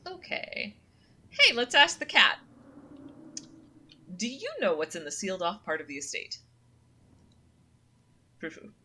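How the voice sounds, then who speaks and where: A young woman streams a story game, chatting casually and reading its narration aloud in second person, with fillers like um and uh. Her medium-pitched voice swoops wildly, and she keeps a measured pace with frequent pauses. Her tone is bright and forceful, suited to laid-back let's-play commentary.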